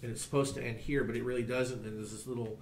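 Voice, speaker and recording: A man narrating a tabletop game as game master, halting with many fillers. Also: medium pitch, flat delivery, echoey room, a little hiss or hum.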